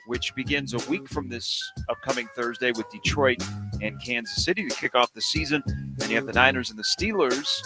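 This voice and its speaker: A man's voice: medium pitch, wildly swooping pitch, a little fast, music in the background. A man with a Midwestern accent hosting a sports radio show, chatting casually and playfully telling stories. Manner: chatty, jokey, playful storyteller.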